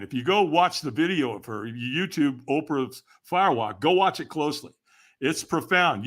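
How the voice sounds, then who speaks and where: An older man speaking as a podcast guest, his voice bright and forward. He swings widely in pitch as he tells lively anecdotes and laughs through them. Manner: animated, laughs while telling anecdotes. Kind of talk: casual interview storytelling.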